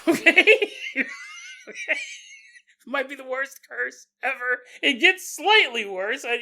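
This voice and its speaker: A man's voice: high-pitched, bright, forceful tone. A man hosting a paranormal podcast, retelling a strange story with comedy, laughing often and slipping into mock voices for the people in it. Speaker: podcast host.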